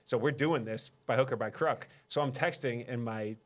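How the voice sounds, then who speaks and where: A man's voice: medium pitch, moderate pace. A man in his thirties, a mayor sitting as a guest, tells a personal story in a loose, conversational way. He pokes fun at himself and laughs easily. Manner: self-deprecating, laughs often. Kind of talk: casual interview storytelling.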